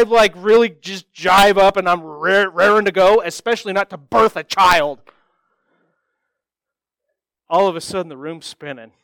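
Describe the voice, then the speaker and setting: Guy preaching w a high smooth voice, jokey self-mocking stories, acts out everyone's lines. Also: no room sound, poor audio. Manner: self-deprecating, animated storytelling with acted-out voices. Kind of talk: sermon with personal storytelling.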